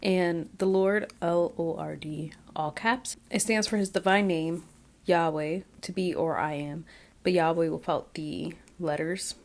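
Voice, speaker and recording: A woman's voice: lowish voice, fairly even intonation, measured pace, gravelly. A woman giving a casual, reflective Bible recap, chatty with many fillers and restarts. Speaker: Bible study vlogger. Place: outdoors, windy.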